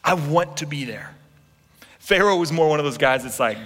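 A man in his thirties preaching a sermon with animated storytelling, acting out quotes and making asides to his congregation. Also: a little high, moderate pace. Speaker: pastor. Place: large church hall. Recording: long reverb in a big hall.

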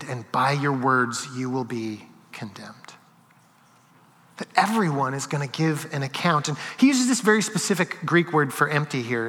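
A man preaching a sermon who tells stories, swinging from loud and animated to hushed and slow. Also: on the high side, in a large hall. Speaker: pastor. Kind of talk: sermon with storytelling.

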